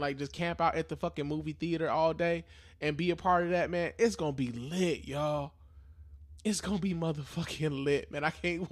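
A young man hosting a live podcast in loose, profane slang, talking casually and with a lot of energy. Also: mid-range voice. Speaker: podcast host.

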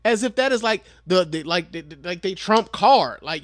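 High-voiced man giving blunt commentary. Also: lively intonation, a little fast, hardly any pauses, no room sound, studio quality. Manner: blunt, profane, exasperated. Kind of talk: casual commentary.

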